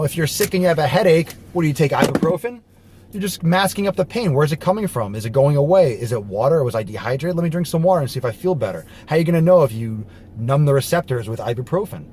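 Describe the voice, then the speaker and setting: A man talking to camera while driving, blunt and profane, and animated as he explains his ideas. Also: on the high side, husky. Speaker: fitness vlogger. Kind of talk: casual monologue while driving. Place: inside a car. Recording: faint car noise behind.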